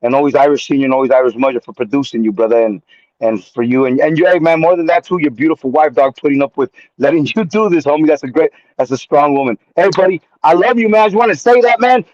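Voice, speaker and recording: A man calling in to a live show, telling an excited story in slangy, animated chat and calling the host man and homie. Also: a little high, fast, no room sound. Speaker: caller. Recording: muffled phone-line call.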